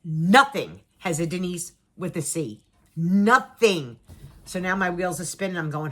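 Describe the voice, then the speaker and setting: Animated middle-aged woman telling a story. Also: lowish voice, unhurried. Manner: animated, dramatic, acts out her own and others' lines; repeats words for emphasis. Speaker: vlogger telling a personal story. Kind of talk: casual storytelling to camera.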